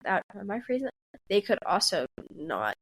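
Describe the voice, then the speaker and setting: A woman in her twenties co-hosting a podcast, talking in a rambling, animated way with many restarts. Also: medium pitch, normal speed. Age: 20s. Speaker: podcast co-host. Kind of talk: casual chat.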